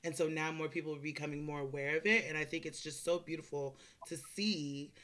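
A woman hosting a podcast over a video call, chatty and excitable, laughing often as she talks. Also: low voice, brisk. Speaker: podcast host. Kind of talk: casual interview chat.

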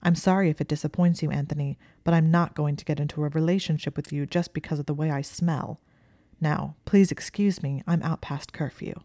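Proud young witch girl talking icy and clipped, woman narrating her, low and flat. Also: brisk, dry recording, studio quality. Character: young female student witch, defiant and proud.

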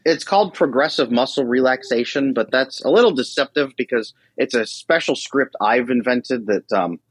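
Guy with a husky voice on a podcast, gets animated acting out stories, dry close mic. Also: medium pitch, moderate pace, dry recording, poor audio. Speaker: guest coach on anxiety. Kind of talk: casual podcast conversation.

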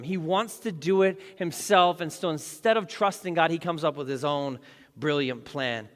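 A man's voice: fairly high pitch, moderate pace. A male pastor preaching a sermon in a conversational, joking way with dramatic emphasis, in a large church hall.

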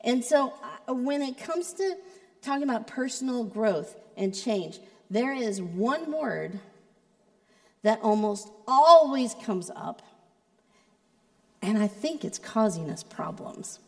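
A woman's voice: on the high side, animated, slow pace, long reverb tail. A woman pastor giving a sermon in a conversational, playful way, with joking asides to the congregation. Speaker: creative arts pastor.

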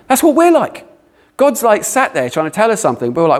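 A man preaching a sermon, animated with playful asides. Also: sits high, a little fast. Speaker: pastor.

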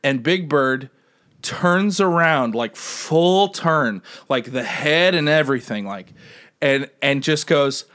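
A young man co-hosting a podcast, telling an animated story in casual chat. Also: slow. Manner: animated, laughs while telling stories, jumps into high excited voices. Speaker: podcast co-host.

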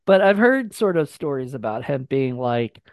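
Gravelly man telling rambling stories. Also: medium pitch, very animated, moderate pace, no room sound. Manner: rambling storyteller, heavy fillers and restarts. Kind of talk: casual chat.

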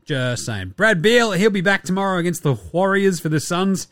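Sarcastic, profane sports chatter comes from a young Australian podcast host whose voice is fairly high, a bit bright and expressive, moving along fairly quickly. On his casual basketball show he frequently puts on mocking voices for the people he mentions. There's no echo.

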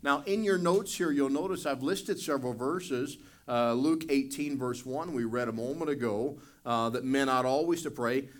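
A middle-aged man, a pastor, giving a Sunday school sermon and prayer, whose earnest preaching builds louder and higher as he makes his points. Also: moderate pace, few pauses.

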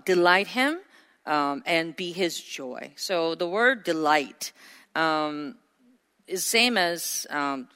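A woman delivers a sermon with a bright, clear voice, chatting with plenty of ums and uhs. She slips into playful voices for quoted people. Her voice rings with long reverb in a large hall. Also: fairly low pitch. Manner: conversational, many fillers, playful voices for quoted people and pets. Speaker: preacher.

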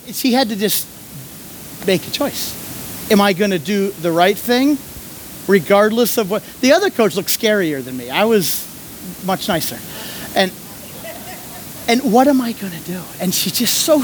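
A man preaching and telling a story, animated, shouting when he acts out scenes. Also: sits high, a little slow, slight background noise. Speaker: pastor and coach. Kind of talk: sermon with storytelling.

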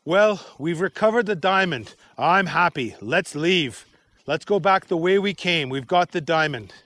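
A brave police chief gives orders in a steady, formal way. A man voices him in a fairly high voice with a dry, close sound. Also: unhurried, no room sound. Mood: firm.

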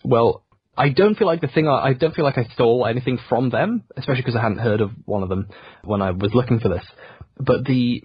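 Over a muffled remote call, a young video essayist from Yorkshire is interviewed casually, though his accent is generic southern English, not Yorkshire. He has a husky, mid-range voice with no echo. His talk is rambling, self-deprecating, and packed with fillers.

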